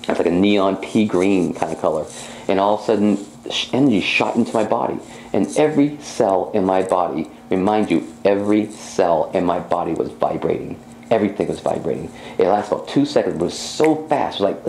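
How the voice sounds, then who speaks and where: A man, a psychic medium, telling his own experience as an animated personal testimony, acting out what he said at the time. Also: sits low, a little fast, gravelly. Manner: animated storytelling, reenacting his own speech. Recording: roomy echo with faint background hum.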